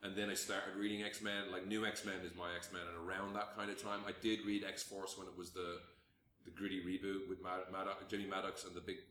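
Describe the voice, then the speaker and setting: A man talks fast and a little low, rambling and swearing as he chats about films and comics. His voice carries a roomy echo over a faint ambient hiss. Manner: rambling, sweary, animated storytelling. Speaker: podcast co-host. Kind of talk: casual chat.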